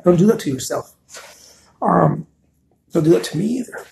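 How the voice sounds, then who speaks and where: Here a man hosts a live art stream, his high voice creaky, darkish, and animated at a moderate pace, with slight background noise. Earnest and encouraging, he chats casually and goes over viewer comments, repeating himself as he reads.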